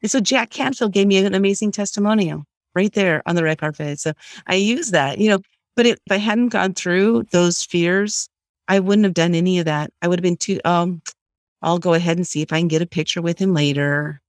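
Woman, middle-aged, interview guest, animated storyteller, acts out quotes, dry close sound. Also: lowish voice, fairly quick, dry recording. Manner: lively storyteller who acts out quoted voices.

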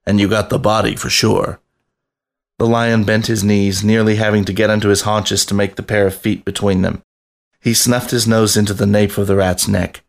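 Low, gravelly male story reader. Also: flat delivery, moderate pace. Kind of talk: reading fiction aloud.

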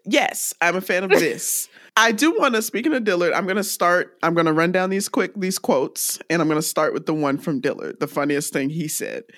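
A woman's voice: lowish voice, moderate pace, hardly any pauses, no room sound, clean studio sound. A woman, co-hosting a podcast and telling funny movie moments with lots of laughter. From American South. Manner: giggly, animated storytelling. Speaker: podcast co-host. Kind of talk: casual chat.

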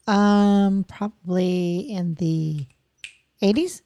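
A woman co-hosting a casual podcast, easygoing and quick to laugh and ask questions. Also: medium pitch, mellow, dry recording, dull audio. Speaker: podcast co-host.

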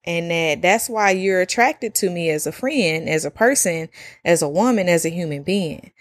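Woman in her thirties, solo podcast chat, animated and slangy, low voice, dry close sound. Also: moderate pace, no room sound. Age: 30s. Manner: animated, slangy, swearing freely. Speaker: podcast host. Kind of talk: casual solo podcast monologue.

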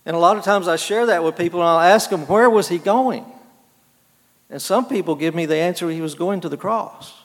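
A man preaching a sermon, halting and repeating words, moving between quiet and emphatic phrases. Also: high-pitched. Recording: long hall reverb.

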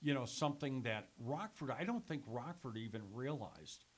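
An older man, a former radio sales executive and sports announcer, telling stories in casual conversation as a lively storyteller who swears casually. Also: medium pitch, normal speed. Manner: animated storyteller, swears casually, laughs through anecdotes. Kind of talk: casual reminiscing chat.

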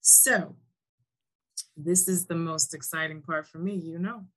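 A woman's voice: lowish voice, fairly even intonation, measured pace, fairly bright tone. A woman hosting a casual podcast interview, affirming her guest and repeating her praise. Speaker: podcast host.

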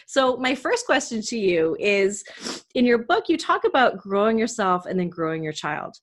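A woman's voice: medium pitch, very animated, moderate pace. A woman from Canada hosting a podcast interview, talking in an earnest, heartfelt way about a personal story. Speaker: podcast host. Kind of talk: emotional conversational interview.

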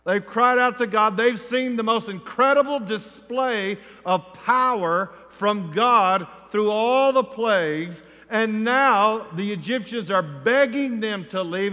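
A man preaching a sermon, telling the story with feeling and acting out the crowd's voices, rising to near shouts. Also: high voice, slow pace. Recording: long reverb of a large hall.

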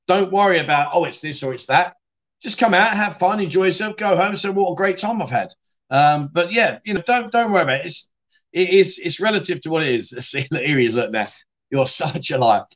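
Streaming casually from a Thai bar city, this host jokes with viewers, reads out comments and laughs along. He talks briskly in a highish, fairly bright voice with lively intonation.

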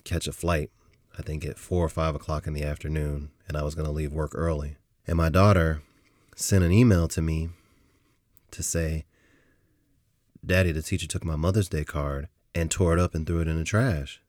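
A middle-aged man hosting a podcast, telling a personal story in an animated, emphatic way that swells as he goes. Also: very deep voice, dry recording, studio quality. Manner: animated, emphatic retelling with rising intensity. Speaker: podcast host.

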